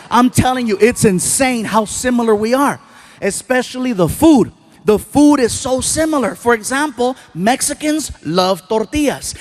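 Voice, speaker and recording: A man doing live stand-up storytelling on a theater stage into a handheld mic, animated and shouting his punchlines. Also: extremely high pitch. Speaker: stand-up comedian.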